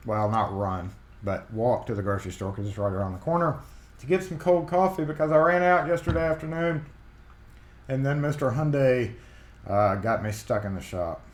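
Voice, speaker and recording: Broadcasting from his home workshop, a Mississippi man with a Southern accent hosts a casual livestream, rambling and reading viewer comments aloud. His voice is fairly low. The room gives a roomy echo, and there's a little hiss or hum.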